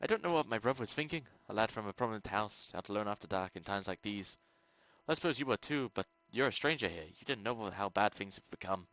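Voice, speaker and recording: A man's voice: lowish voice, animated, fairly bright tone, dry recording, rough recording. A man doing a persuasive townsman in an accent. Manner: put-on accent, persuasive and measured. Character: worried townsman hiring a stranger to rescue his brother. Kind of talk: reading game dialogue aloud.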